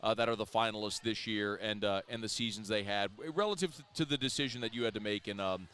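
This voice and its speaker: A man's voice: lowish voice, fast talker, fairly bright tone, a little hiss or hum. A man hosting sports talk radio in a casual way, chatty and asking long, winding questions.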